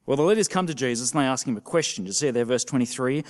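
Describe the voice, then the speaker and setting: Animated male minister preaching. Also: mid-range voice, fast talker, few pauses. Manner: animated, questioning the congregation with sudden soft drops. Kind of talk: sermon.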